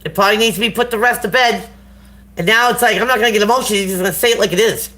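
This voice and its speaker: A woman's voice: medium pitch, rapid-fire, fairly bright tone. A woman giving a casual live tarot reading to viewers on a phone, talking in a slangy, encouraging way. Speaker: tarot reader.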